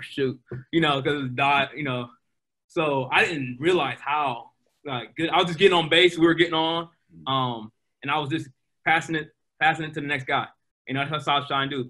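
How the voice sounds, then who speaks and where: An excitable young man tells stories with energy and leans on lots of fillers. His voice is bright and a bit high for a man, and he jumps from one story to the next in a casual interview. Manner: animated, excitable, many fillers. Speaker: guest, professional baseball player.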